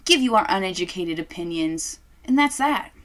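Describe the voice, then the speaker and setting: A woman's voice: fairly low pitch, expressive, moderate pace, a bit bright. A young woman co-hosting a podcast, chatting casually in a brash, joking, profane way. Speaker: podcast co-host. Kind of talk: casual chat.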